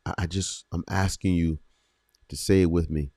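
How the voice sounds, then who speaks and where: A man hosting a faith podcast, speaking earnestly with repeated phrases and slow, emphatic pauses. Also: sits low, steady tone, warm tone, no room sound, clean studio sound. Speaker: podcast host. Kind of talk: encouraging faith podcast talk.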